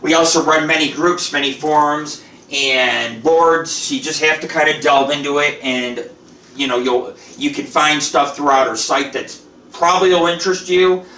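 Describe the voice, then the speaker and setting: Profane rambling man, bright and echoey. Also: a little high, moderate pace, distant mic, slight background noise. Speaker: show host. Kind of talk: rambling live cooking show chat. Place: home kitchen. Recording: roomy echo, off-mic.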